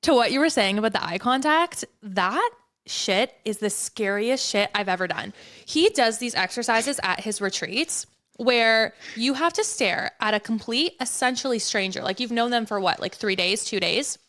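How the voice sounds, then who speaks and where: A woman hosting a podcast, candid and chatty, with casual swearing in relaxed conversation. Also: on the high side, moderate pace. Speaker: podcast host.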